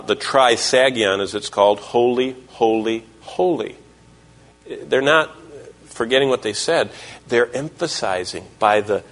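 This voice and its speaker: A man's voice: mid-range voice, fairly bright tone. Man preaching a storytelling sermon. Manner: storytelling, quoting scripture and voices in dialogue. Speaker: pastor.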